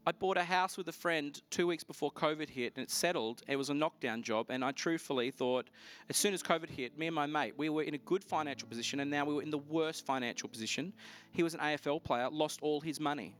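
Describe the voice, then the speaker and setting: Animated male pastor telling a testimony. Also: a little high, fast. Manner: animated storytelling, voice rising sharply when excited. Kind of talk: sermon with personal testimony.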